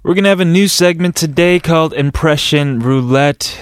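A man's voice: a little high, normal speed, smooth. A young man hosting a radio talk show, bantering casually with his co-host. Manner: lively, playful banter.

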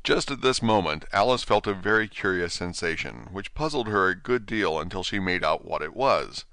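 A man narrating a storybook in an expressive, animated way on a close mic. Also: low voice, moderate pace, slight background noise. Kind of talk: storybook reading.

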